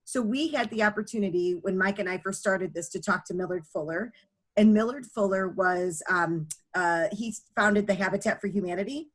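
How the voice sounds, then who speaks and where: A woman's voice: medium pitch, normal speed. A middle-aged woman, a nonprofit founder, telling her story as a guest in an earnest, chatty way with many fillers. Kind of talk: conversational storytelling.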